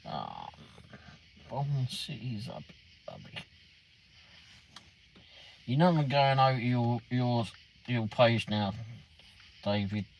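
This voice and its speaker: A man's voice: medium pitch, big pitch swings, slow, gravelly, long pauses, poor audio. A man live-streaming late at night, chatting casually, greeting viewers by name and answering the chat.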